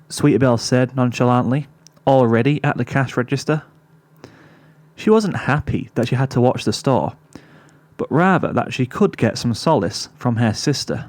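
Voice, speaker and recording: A man's voice: medium pitch, moderate pace, darkish tone, dry recording. Man narrating a pony fan story. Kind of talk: fan fiction reading.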